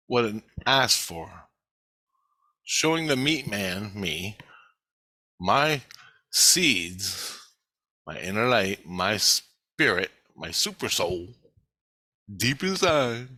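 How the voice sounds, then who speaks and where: A middle-aged man with a lowish, bright voice tells a rambling story, swearing often and getting excited. He is recorded close up on a dry mic. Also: dry recording. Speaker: vlogger. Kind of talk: casual storytelling.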